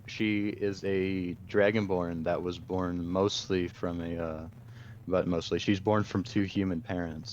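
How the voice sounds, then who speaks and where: A man player in a tabletop game who speaks in a flat monotone. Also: low-pitched, a little hiss or hum. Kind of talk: casual chat. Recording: dull lo-fi mic.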